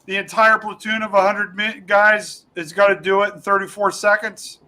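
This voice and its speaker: High, bright-voiced comedian guest. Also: male voice, little pitch movement, moderate pace, rough recording. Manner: rambling, lots of restarts and fillers, laughing at his own stories. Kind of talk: casual podcast chat, telling funny stories.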